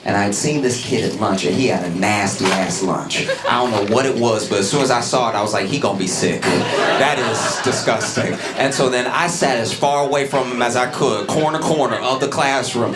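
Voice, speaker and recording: A man from Louisiana doing stand-up comedy, telling stories with an animated delivery and jumping into shouted character voices, on a comedy club stage. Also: mid-range voice. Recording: roomy live club recording, loud crowd noise.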